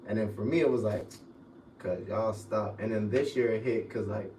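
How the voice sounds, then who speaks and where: A young man, a former college football player, telling stories in relaxed slang on a casual podcast. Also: normal speed. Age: young adult. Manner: laid-back storytelling with slang, drifts low and quiet. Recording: echoey room, mic at a distance, faint noise.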